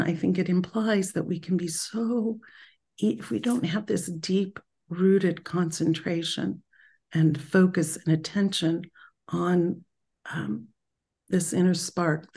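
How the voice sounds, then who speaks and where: A woman speaking at an unhurried, drawn-out pace as she guides a spiritual group. Her voice sits a little low, and she talks in a reflective, meditative way, pausing often and restarting her phrases as she goes. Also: vocal fry, warm tone, husky. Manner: slow and meditative, with pauses and restarts.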